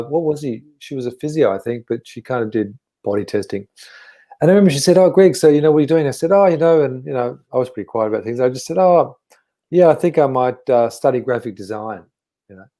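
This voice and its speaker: A male guest in a casual conversation, telling stories in an animated way and acting out the voices he quotes. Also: mid-range voice.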